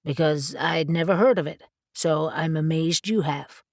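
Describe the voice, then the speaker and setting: Brief: woman voicing a rumpled English gentleman rogue, genteel and wry, English accent. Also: sits low, a little slow, dry recording, clean studio sound. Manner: polite, self-effacing, wry.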